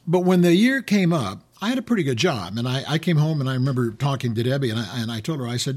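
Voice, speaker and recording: Husky middle-aged man preaching conversationally. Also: medium pitch, lively intonation, fast, few pauses, a little mellow. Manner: conversational, frequent restarts, asks the audience questions. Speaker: pastor. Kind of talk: sermon.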